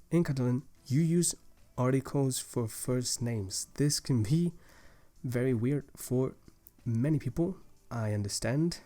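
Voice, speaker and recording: A young man with a mid-range voice and a mellow, darker tone gives a language lesson. He works through grammar rules patiently and methodically, step by step, now and then restarting a phrase.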